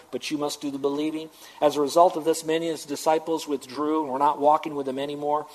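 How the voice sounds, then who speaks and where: A man's voice: fairly high pitch, rough recording. A man preaching a sermon to his congregation as pastor, emphatic and rising to urgent questions.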